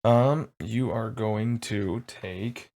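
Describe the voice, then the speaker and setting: A man's voice: on the low side, extremely slow, a little mellow. A man running a tabletop game as game master, narrating casually with lots of fillers and rambling asides.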